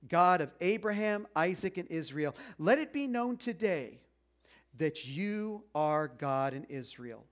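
A man's voice: high voice, expressive, a little slow. A man voicing an ancient male prophet who is confident and taunting, speaking in a casual modern way. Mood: earnest prayer. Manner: playful, challenging, casual modern phrasing.

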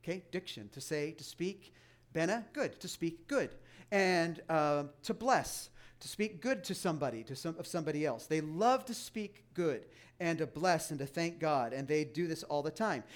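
A man's voice: a little high, expressive, moderate pace. A middle-aged man preaching a sermon as pastor, emphatic, with frequent restarts and asides.

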